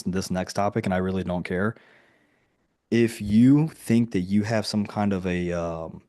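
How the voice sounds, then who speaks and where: Leading a group video call as a coach, a man speaks in a low, slightly mellow voice. He keeps things casual and chatty, packing in plenty of "like" and acting out quoted lines.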